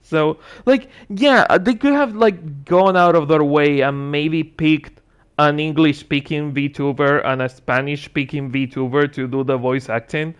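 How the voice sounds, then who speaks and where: A male streamer talks through a game in a loose, casual way. His voice sits a touch higher than most men's. He mutters little asides to himself and slips in dry, sarcastic remarks. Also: measured pace, clean tone, highs cut off. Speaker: gaming streamer. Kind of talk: casual gameplay commentary.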